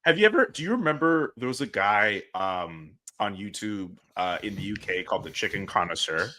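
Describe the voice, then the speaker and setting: A chatty man telling stories on a sports podcast, lively and quick to jump in. His voice is lowish with a bright, cutting edge. He talks loosely and casually. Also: slight background noise. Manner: animated, chatty storyteller. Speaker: podcast guest, sports journalist.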